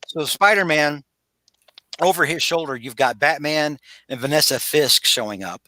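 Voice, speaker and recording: A man's voice: a little high, normal speed, pushed and bright. A man co-hosting a casual podcast chat, recapping a story animatedly with acted-out quotes and frequent restarts. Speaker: podcast co-host.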